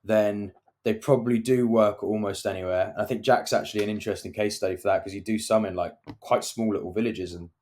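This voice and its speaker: A man with a somewhat low voice co-hosts a property podcast from the UK. He talks in a loose, chatty way and tells anecdotes about site visits. He acts out the people he quotes as he goes. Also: steady tone, quick pace, few pauses, darkish tone. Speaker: podcast co-host, property developer. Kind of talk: casual chat.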